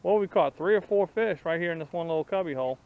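Easygoing man, slightly high voice. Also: fast, phone-quality sound. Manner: easygoing, chatty, coaching the boys. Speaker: fishing vlogger and host. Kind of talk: casual outdoor fishing vlog. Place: on a boat on a lake, outdoors. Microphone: action camera.

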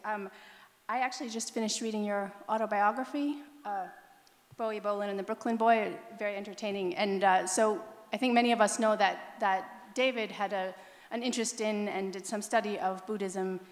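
A woman in the audience puts a polite, measured question to the guest in a mid-pitched voice. The hall around her adds a long reverb. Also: fairly even intonation. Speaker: audience member asking a question. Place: museum auditorium.

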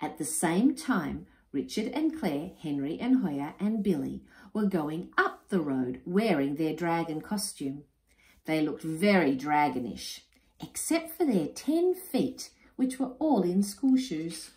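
A woman reading a children's picture book aloud, expressive and unhurried. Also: deep voice. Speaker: storyteller. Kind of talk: children's story read-aloud. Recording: roomy echo.

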